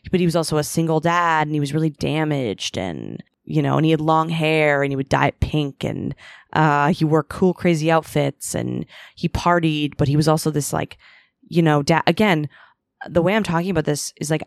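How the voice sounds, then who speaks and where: Solo podcast host, woman, frank and profane, gravelly smooth voice, dry close mic. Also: sits low, dry recording. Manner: candid, profane, self-deprecating storytelling; acts out her own past inner voice in quotes. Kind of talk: solo confessional monologue.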